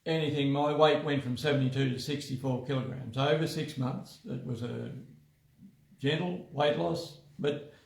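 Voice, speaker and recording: A man's voice: medium pitch, moderate pace, creaky. A man in a casual health chat, easygoing and repeating words as he starts. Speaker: wellness centre co-host. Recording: echoey room.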